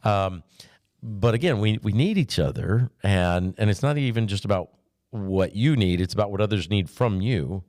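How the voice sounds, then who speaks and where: A man speaking as a pastor, teaching in a relaxed, chatty way with light humor and scripture quotes. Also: lowish voice, normal speed, dry recording, studio quality.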